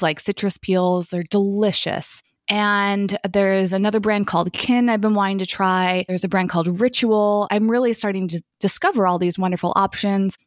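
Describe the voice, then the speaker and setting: A woman's voice: mid-range voice, dry recording, clean studio sound. A woman co-hosting a podcast, talking in a chatty, casual way and laughing now and then. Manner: chatty, laughs often, self-described organized type A. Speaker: podcast co-host.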